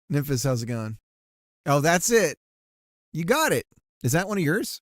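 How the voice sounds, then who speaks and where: A man's voice: a little high, big pitch swings, normal speed, dry recording, clean studio sound. A man chatting casually on a livestream while working on a game, rambling and laughing often, with many restarts. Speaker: streamer.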